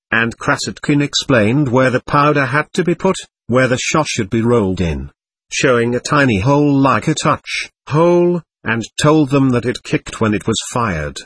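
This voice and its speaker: A man narrates a classic novel in a measured, expressive way. His voice is husky and moves freely up and down in pitch. The recording is dry and close, with no room echo. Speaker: audiobook narrator. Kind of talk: scripted narration.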